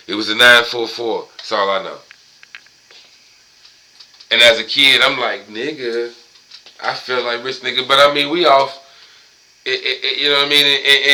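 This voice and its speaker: Man, middle-aged, very bright sharp voice, casual profane solo monologue, rambling. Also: mid-range voice, low-quality recording. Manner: loose, profane street talk, rambling with tangents. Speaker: podcast host.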